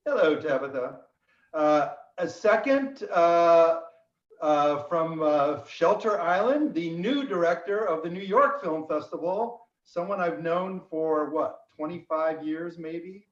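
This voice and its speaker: A man hosting a virtual roundtable over a video call, halting with many fillers and telling dry jokes. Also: a little high, animated. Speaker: host. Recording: echoey room, far from mic, dull sound.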